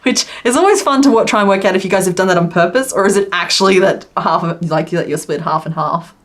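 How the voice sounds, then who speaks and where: While crocheting on a livestream, a young woman chats casually with viewers, laughing often and counting stitches under her breath. She talks fast in a voice on the low side.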